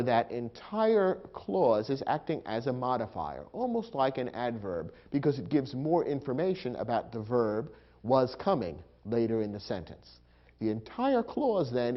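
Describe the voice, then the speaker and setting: A man's voice: medium pitch, highs cut off. Patient man explaining a grammar lesson. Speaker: teacher. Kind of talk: scripted instructional narration.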